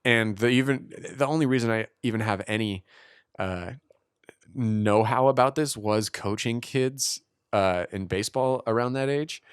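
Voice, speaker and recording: A man's voice: medium pitch, moderate pace, clear, resonant tone, dry recording, clean studio sound. A young man co-hosting a podcast, joking, laughing often and mimicking people in casual chat. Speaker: podcast co-host.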